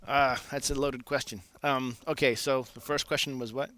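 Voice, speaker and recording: A man who works as an aircraft engineer, casually telling a story in a relaxed, self-deprecating way with many filler sounds. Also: mid-range voice, normal speed, slight background noise.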